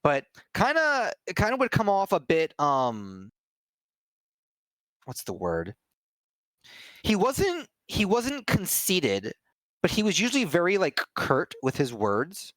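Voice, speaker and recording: A man's voice: high voice, wildly swooping pitch, takes it slowly, pauses often, fairly bright tone, no room sound. A man streaming, telling a funny story in casual chat, laughing and restarting often.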